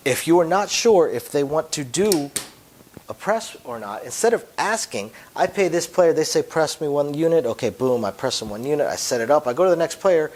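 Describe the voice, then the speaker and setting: A man who deals craps, giving an emphatic instructional talk whose phrases often fade to a quiet drop at the end. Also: on the high side, expressive, normal speed, poor audio. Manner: emphatic, voice drops off at phrase ends.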